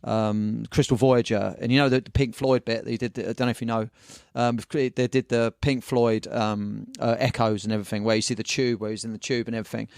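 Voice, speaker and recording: A man, a surf shop owner and magazine editor guesting on a podcast, telling animated, slangy stories in casual chat. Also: medium pitch, fairly quick, creaky, few pauses, smooth, no echo, studio quality.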